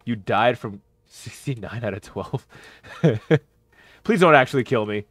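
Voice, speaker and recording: A man giving playthrough commentary on a horror game, reacting with excited yelps and shouts. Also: medium pitch, normal speed, no echo, soft background music. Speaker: gaming YouTuber.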